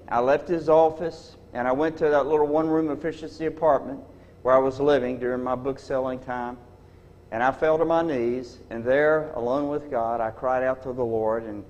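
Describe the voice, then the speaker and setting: A man's voice: medium pitch, a little mellow, long reverb tail, low-quality recording. A man giving his earnest, folksy testimony between songs at a church concert, with fervent peaks. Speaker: gospel singer giving testimony. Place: church sanctuary.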